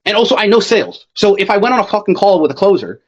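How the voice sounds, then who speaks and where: A man with a high, quick voice runs a sales coaching call, talking bluntly and cursing all the time. The sound is dull and lo-fi, as over a video call. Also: slightly rough. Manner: blunt, swears constantly, fast and animated. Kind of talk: profane casual coaching call.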